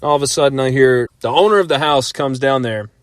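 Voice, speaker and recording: A man's voice: medium pitch, fairly quick, no echo. A man in his thirties casually telling a rambling personal story, full of fillers and frequent laughs.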